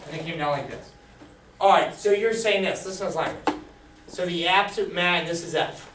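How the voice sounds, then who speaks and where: A fairly high-voiced male math teacher lectures to his class, tossing questions at the students to keep them engaged. He is heard from across an echoey classroom, with faint room noise behind him. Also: brisk, far from the mic. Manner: lively, quizzes students, animated. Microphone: camera far from the speaker.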